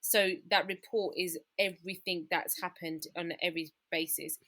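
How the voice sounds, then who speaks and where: A woman's voice: lowish voice, fairly even intonation, normal speed, pushed and bright. A British woman in her thirties, a podcast guest candidly recounting a personal story and often quoting what people said. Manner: candid, retells scenes by quoting people, frequent "like".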